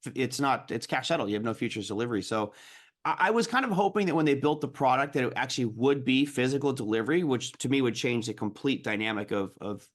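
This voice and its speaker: A man, a guest trader, explaining markets in an animated, casual way. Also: mid-range voice, quick pace.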